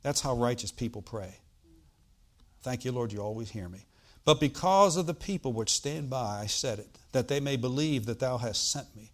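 A man preaching a sermon, reading scripture aloud and explaining it, swinging from loud bursts to quiet asides. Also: medium pitch, normal speed. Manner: animated preaching, bursts loud on quoted lines then drops quiet; reads old-style scripture, asides with "all right?".

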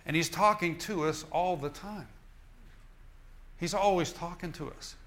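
A man's voice: high voice, unhurried, a bit bright. A male minister preaching a sermon in an emphatic, repetitive style, often restarting his phrases.

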